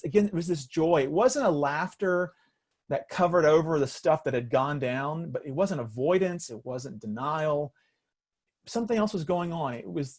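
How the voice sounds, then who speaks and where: A man's voice: on the high side, darkish tone. A man, a pastor, telling a story in an earnest, reflective sermon style with frequent restarts, speaking over a video call.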